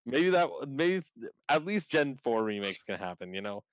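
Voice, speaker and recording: A man hosting a casual podcast, telling a story with lively, acted-out reactions. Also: medium pitch, moderate pace, clean tone, dry recording, poor audio. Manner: animated storyteller, acts out his own reactions. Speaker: podcast host.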